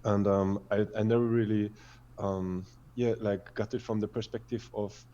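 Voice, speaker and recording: Low mellow guy on a panel, reflective, muffled lo-fi audio. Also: flat delivery, normal speed, a little hiss or hum. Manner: reflective, many fillers. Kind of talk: casual panel discussion.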